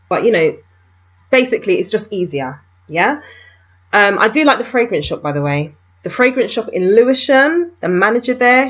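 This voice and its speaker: A woman chatting to camera as a beauty vlogger, telling stories in an animated way and calling viewers darlings. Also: lowish voice. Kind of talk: casual chat to camera. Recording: dull, muffled home video sound.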